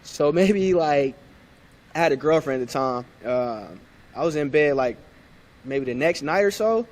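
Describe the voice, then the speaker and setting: A former point guard in his thirties, talking casually on a podcast. His voice sits on the high side for a man. He tells stories with energy and slips into the voices of the people he quotes. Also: unhurried. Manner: animated, acts out past conversations. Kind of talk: casual storytelling interview.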